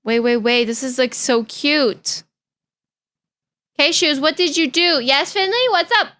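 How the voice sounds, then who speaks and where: A woman's voice: high voice, unhurried, bright, forceful tone. A young woman streaming live, chatting casually in a bubbly, giggly, easily distracted way.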